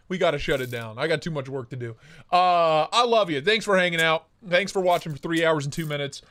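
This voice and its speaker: High-voiced man hosting a live stream. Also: fairly quick, a bit bright. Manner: playful, jokey sign-off. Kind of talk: casual chat.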